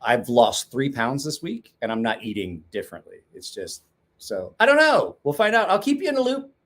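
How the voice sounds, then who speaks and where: A man's voice: mid-range voice, very animated, moderate pace. A man in his forties hosting a casual knife-sharpening chat show from his garage, rambling, swearing and laughing often. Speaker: knife sharpening podcast host. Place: home garage.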